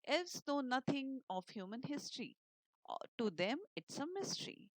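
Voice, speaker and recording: A woman voicing a bossy little male elf, with a squeaky, high, loud voice and an Indian English accent. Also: very animated, normal speed, noisy background. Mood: demanding.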